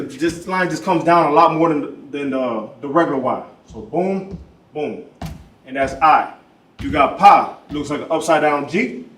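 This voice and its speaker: A man teaching a class in a casual way, often saying boom and trailing off quietly. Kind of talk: casual classroom letter lesson. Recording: echoey room, mic at a distance.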